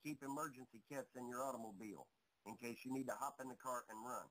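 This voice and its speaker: A hoarse man with a blunt, emphatic way of talking. He swears freely, repeats key words and keeps driving his point home. His voice sits at an ordinary pitch. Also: fast, fairly bright tone, rough recording. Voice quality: coughing. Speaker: guest. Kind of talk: internet radio talk.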